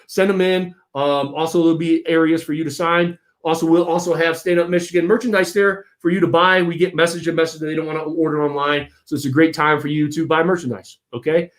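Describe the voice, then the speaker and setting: A man with a rather high voice gives a pumped-up talk to his supporters. He speaks emphatically and returns to the same rallying lines over and over, like a host revving up his people. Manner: energetic and emphatic, repeats rallying phrases. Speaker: host of a political movement channel. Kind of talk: fired-up pep talk to supporters.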